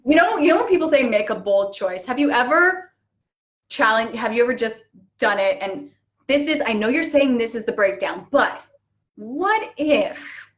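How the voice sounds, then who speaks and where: A woman actor chatting casually on a live stream, telling animated stories and laughing at herself. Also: a little high, moderate pace. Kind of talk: casual chat. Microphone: webcam on a live stream.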